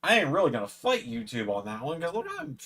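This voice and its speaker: A man's voice: on the high side, wildly swooping pitch, fast talker, a bit bright. A tipsy man hosting a live watch-along stream, rambling and swearing a lot as he comments. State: tipsy from drinking. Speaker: stream host.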